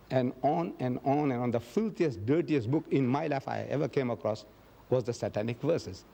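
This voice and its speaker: A man's voice: medium pitch, expressive, a little fast, warm tone. A man answering audience questions in a public lecture, telling stories emphatically and acting out quoted dialogue. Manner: emphatic storyteller who acts out quoted dialogue.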